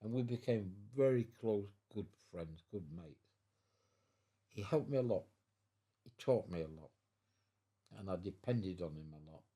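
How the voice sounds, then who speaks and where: Speaking slowly with long pauses, a veteran in his nineties shares his life story in an interview at home, rambling, repeating, restarting, and laughing softly. His voice is on the low side, expressive, mellow, and husky.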